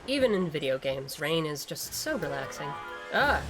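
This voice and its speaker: A woman's voice: low-pitched, big pitch swings, moderate pace, music in the background. A woman streamer giving casual gameplay commentary, rambling, joking and swearing freely. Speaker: gaming streamer.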